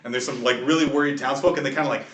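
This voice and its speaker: A man's voice: mid-range voice, fairly even intonation, rapid-fire, fairly bright tone, reverberant. A man narrating as game master of a tabletop game, telling the scene loosely with fillers and frequent laughs.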